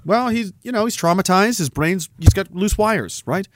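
A man's voice: high-pitched, animated, moderate pace, few pauses, no echo, studio quality. A tired man hosting a podcast, rambling sarcastically in casual chat as he reads out viewer comments. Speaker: podcast host.

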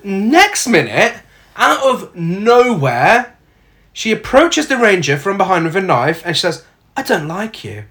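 A podcast co-host tells the plot in a casual, sardonic way and swears freely. The pitch swings widely, which keeps the delivery animated. Lines from the film are acted out along the way. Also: measured pace.

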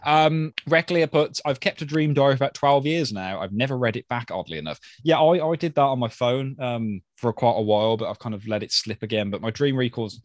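A man's voice: mid-range voice, animated, a little fast, few pauses, no room sound. Enthusiastic man, dry close sound. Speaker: podcast co-host. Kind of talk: casual chat, reading listener messages.

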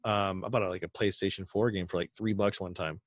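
A podcast co-host with a low voice talks at a slightly fast clip in a steady tone, with no room sound. He rambles through stories in casual chat, full of fillers and acted-out quotes.

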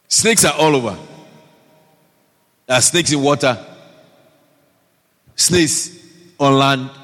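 A man preaching a sermon, animated and repetitive, often asking the congregation questions. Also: fairly high pitch. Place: church hall. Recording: long hall reverb.

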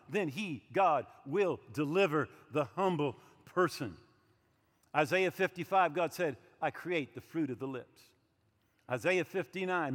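A man's voice: sits high, a bit bright, long reverb tail. A man in his sixties preaching a sermon emphatically, with light humorous asides. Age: 60s. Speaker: pastor.

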